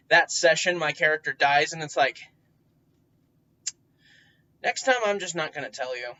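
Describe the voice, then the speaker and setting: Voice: medium pitch, normal speed, bright, forceful tone. A tabletop player rambles through advice in a loose, chatty monologue, starting over mid-thought and leaning on fillers, with a curse word now and then. The voice sits back from the mic. The recording is muffled and a little lo-fi. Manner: rambling, many fillers and restarts, occasional swearing. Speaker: tabletop game player giving tips. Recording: dull distant recording.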